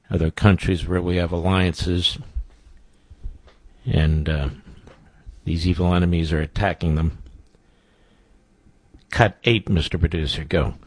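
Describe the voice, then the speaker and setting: A male talk host with a very low voice speaks bluntly and with emphasis, leaning on repeated words to press his points. The sound is dry and close, with no room around it. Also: darkish tone, husky, dry recording. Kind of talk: opinionated commentary.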